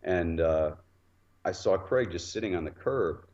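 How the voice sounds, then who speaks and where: A man telling an animated anecdote in casual conversation, acting out quotes as he goes. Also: deep voice, measured pace, dull audio. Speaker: guest author. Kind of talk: casual storytelling.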